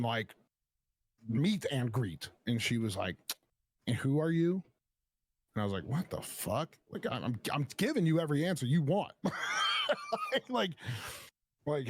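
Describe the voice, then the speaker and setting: A man's voice: mid-range voice, slight background noise. A man casually telling a story on a stream, swearing often and acting out both sides of an argument. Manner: profane, animated retelling with quoted back-and-forth.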